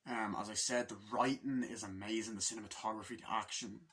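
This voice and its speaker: Young guy with a husky voice rambling about a movie, swears a lot, does grunts and sound effects for the scenes. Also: lowish voice, steady tone, fairly quick, fairly bright tone. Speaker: movie reviewer. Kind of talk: casual movie review vlog.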